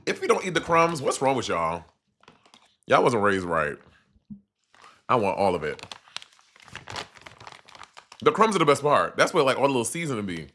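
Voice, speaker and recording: A man's voice: medium pitch, moderate pace, long pauses, a little hiss or hum. A man with a Caribbean accent chatting sassily to viewers on a casual live stream. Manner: sassy, animated, chatty with viewers.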